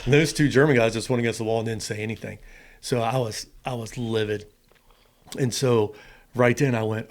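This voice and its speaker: With a medium pitch and moderate pace, a middle-aged ex-fighter pilot recounts stories in an interview. He acts out people's words with emphasis and stays animated throughout.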